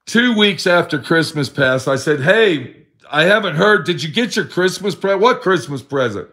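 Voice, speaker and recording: A middle-aged man, a vlogger, tells a sad personal story about a friend, rambling and swearing as he goes and acting out the friend's lines in quotes. His voice sits a little high and is expressive, with a sharp tone at a normal pace.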